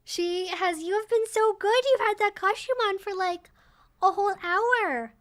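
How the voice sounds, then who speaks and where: A young woman hosts a casual home livestream, speaking into a desk microphone. Her voice sits high and she talks emphatically, slipping into doting baby talk. The tone is chatty and unscripted. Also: unhurried, a bit bright. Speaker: streamer host.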